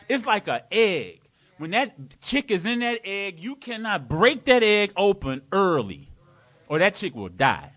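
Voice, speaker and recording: Lively, high-voiced male preacher. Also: normal speed. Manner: playful, laughing, call-and-response. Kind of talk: live sermon. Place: community worship hall.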